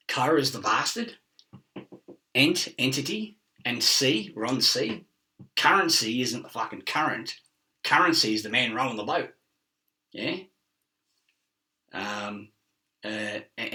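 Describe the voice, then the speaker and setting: Brief: middle-aged man, bright edgy tone, swearing, laughing, riffing on word origins, sitting back from the mic. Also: mid-range voice, far from the mic. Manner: profane, laughing, chasing wordplay and word origins. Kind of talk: rambling monologue.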